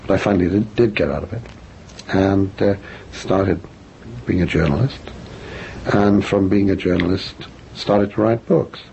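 A man's voice: sits low, fairly even intonation, moderate pace, creaky, long pauses, darkish tone. An older man from England, answering interview questions in a reflective, self-deprecating way with frequent restarts. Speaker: author and guest. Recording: dull lo-fi radio recording with faint noise.

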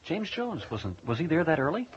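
A man's voice: on the high side, very animated, normal speed. A man interviewing a guest on the radio, prompting with questions and some hesitations. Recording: dull lo-fi radio recording.

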